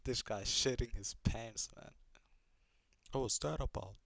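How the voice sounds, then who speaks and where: A man's voice: mid-range voice, unhurried, creaky, fairly bright tone, dry recording. A young man giving casual reaction commentary on an anime, swearing a lot, rambling and asking puzzled questions.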